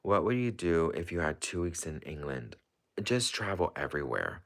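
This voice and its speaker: Chatty low-voiced man reading live comments. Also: very animated, normal speed, fairly bright tone. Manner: chatty and rambling, heavy with fillers and restarts. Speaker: livestream host. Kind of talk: casual livestream chat, answering viewer comments.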